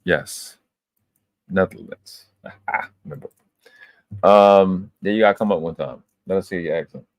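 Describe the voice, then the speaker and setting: Male stream host with a very low voice who lectures emphatically and swears freely, recorded close and dry. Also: measured pace, long pauses, dry recording. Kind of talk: casual profane monologue.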